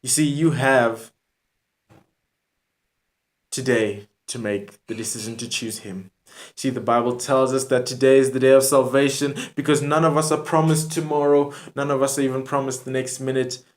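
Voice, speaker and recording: A man's voice: medium pitch, fairly even intonation, moderate pace. A man delivering an earnest spoken word sermon to a video audience, pleading and repeating his points. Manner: earnest, repetitive, pleading address to the viewer.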